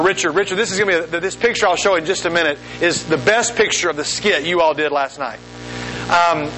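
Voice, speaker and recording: A man preaching a sermon to a youth group in a lively, conversational way, full of restarts and asides. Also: high-pitched, slight background noise, low-quality recording. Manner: animated, conversational, many restarts. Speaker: youth speaker.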